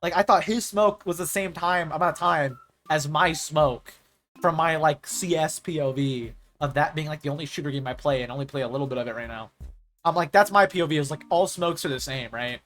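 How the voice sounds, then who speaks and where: A man's voice: fairly high pitch, a little fast, fairly bright tone, faint music behind. A young man streaming a game, chatting casually and rambling, often saying "like" and ranting when annoyed. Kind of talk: casual live-stream chat while gaming.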